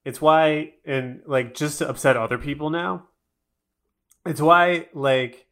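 A man's voice: fairly high pitch, slow pace, a bit bright. Blunt, profane man on a podcast. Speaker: podcast co-host. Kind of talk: casual chat.

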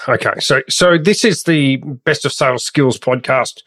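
A man's voice: mid-range voice, unhurried, a bit bright. A man hosting a sales podcast, asking questions in an easygoing, somewhat hesitant way. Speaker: podcast host. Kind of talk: podcast interview.

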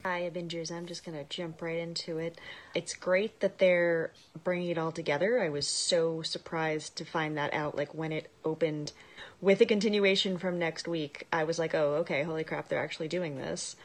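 A woman with a lowish voice leaves a chatty video message for a podcast, excited and talking freely about what she hopes for. She jumps from thought to thought with real enthusiasm. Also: moderate pace. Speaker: listener sending a video message.

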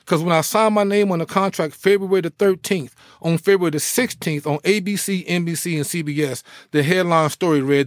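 A middle-aged man tells his story in a fairly high voice, animated and preacher-like. The sound is close and dry, with no room echo. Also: brisk, hardly any pauses. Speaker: guest, former pro football player. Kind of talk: storytelling in a podcast interview.

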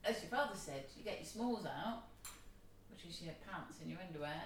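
A woman's voice: lowish voice, expressive, brisk, a little hiss or hum. A middle-aged woman, a parent in a casual family chat, easily amused and laughing along. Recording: roomy, distant mic, faint clatter.

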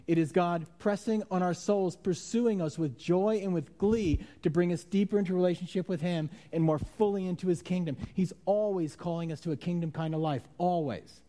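A man preaching a conversational sermon, shifting from quiet reflection to loud, animated outbursts as he acts out voices. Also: fairly high pitch, moderate pace. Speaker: pastor.

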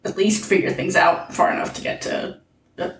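A woman's voice: lowish voice, huge pitch swings, moderate pace, vocal fry, roomy sound, recorded from a distance, slight background noise, rough recording. A woman co-hosting a casual podcast chat, retelling movie scenes with quoted lines. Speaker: podcast co-host.

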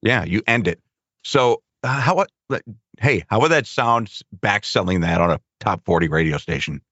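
A man's voice: on the low side, animated, normal speed, a bit bright, breathy edge, no echo. A middle-aged man, a longtime radio co-host, chatting casually in a reflective, easygoing way. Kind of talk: casual chat. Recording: dry, dull lo-fi sound.

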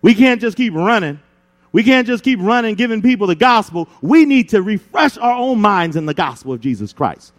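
A man preaching a sermon as pastor, building emphasis with dramatic pauses. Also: sits high, big pitch swings.

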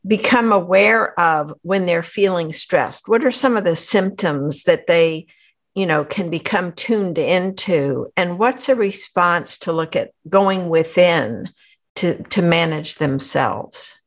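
A woman hosting an interview, asking measured, reflective questions. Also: on the low side. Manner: measured and reflective, with thoughtful prompts. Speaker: interview host.

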